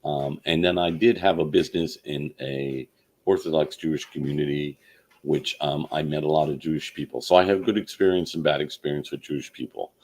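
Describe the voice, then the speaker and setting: A man telling a personal story in a halting way, with many fillers and restarts. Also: a bass voice, fairly even intonation, darkish tone. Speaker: channel host.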